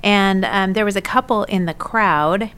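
A woman's voice: mid-range voice, a little slow, fairly bright tone, smooth. A woman pastor answering interview questions earnestly and openly, with some fillers as she thinks. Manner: earnest and open, with frequent fillers and restarts. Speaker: pastor, guest.

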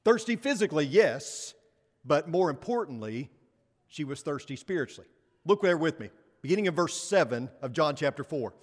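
A man's voice: fairly high pitch, lively intonation. Preacher man in a reverberant hall. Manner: storytelling with rhetorical questions, slowing on key words. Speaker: pastor. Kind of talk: sermon.

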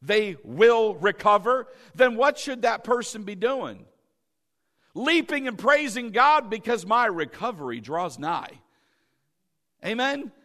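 A man preaching a sermon as pastor, fervent, swinging from soft asides to loud exclamations. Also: extremely high pitch, sing-song, takes it slowly, long pauses.

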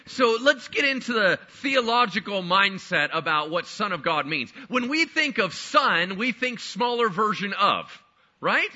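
A man preaching a sermon as pastor, animated and acting out skeptical listeners in quick asides. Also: high-pitched, highs cut off.

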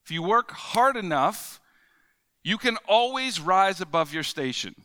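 A man's voice: high voice, lively intonation, unhurried, pushed and bright, clear, resonant tone. A man preaching a conversational sermon, reading scripture and explaining it with casual fillers and restarts. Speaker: pastor.

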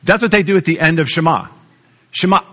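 A man preaching a sermon, teaching with lively repetition and questions to the congregation. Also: fairly high pitch, fast. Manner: animated teaching, repeats words, asks the audience questions. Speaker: pastor.

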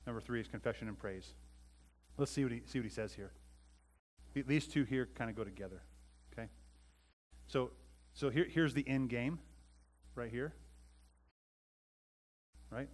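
A man's voice: moderate pace, long pauses. Emphatic male pastor preaching a sermon. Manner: emphatic preaching that rises in pitch and volume, then drops to quiet asides; asks the congregation questions.

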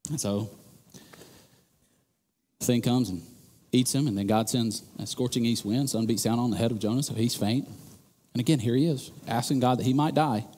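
A man preaching a sermon from the stage, telling the story in an animated, joking way and building to emphatic bursts. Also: medium pitch, normal speed, pauses often, big-room sound, a little hiss or hum.

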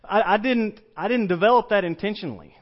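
A man's voice: high voice, brisk. A pastor with an East Tennessee Southern accent, preaching a casual, story-driven sermon and putting questions to his congregation. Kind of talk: conversational sermon. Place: church sanctuary. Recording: dull lo-fi church recording.

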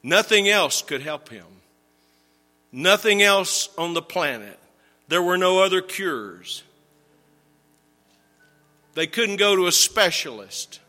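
A male pastor preaching an earnest sermon with slow, emphatic phrasing that drops low at the ends of lines. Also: lively intonation, sharp tone, big-room sound, soft background music.

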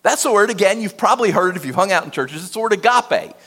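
A man preaching a sermon in an animated, emphatic, conversational way, often turning to the listeners with questions. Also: sits high, fast. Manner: animated, emphatic, conversational with frequent rhetorical asides.

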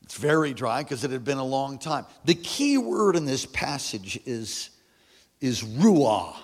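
A man preaching a sermon as pastor, calling on the congregation to repeat after him, moving from hushed lows to shouted peaks. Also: big pitch swings, measured pace. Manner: call-and-response preaching, swings from hushed to shouting. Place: church sanctuary. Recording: long hall reverb.

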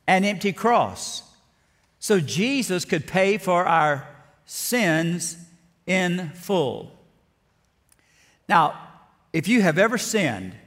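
A man preaching a sermon with dramatic emphasis and repeated words. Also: a little high. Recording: long reverb of a large hall.

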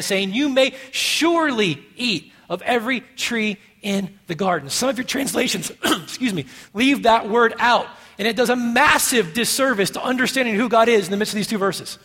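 A man preaching a sermon as pastor, emphatic, moving from quiet musing to loud stressed phrases. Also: extremely high pitch, moderate pace, slightly rough. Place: church sanctuary. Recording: long reverb of a church hall.

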